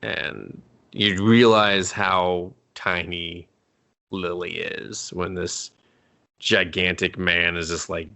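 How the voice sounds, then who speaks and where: A man co-hosting a movie podcast, recapping the plot in a profane, jokey way with quick put-on quotes. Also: deep voice, fairly even intonation, gravelly, bright, forceful tone. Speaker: podcast co-host. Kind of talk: casual movie recap chat.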